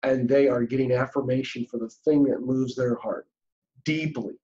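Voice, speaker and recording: Middle-aged male podcast guest, warm dark tone, earnest and emphatic, slightly muffled lo-fi recording. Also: mid-range voice, fairly even intonation, moderate pace. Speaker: career coach guest. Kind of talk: podcast interview.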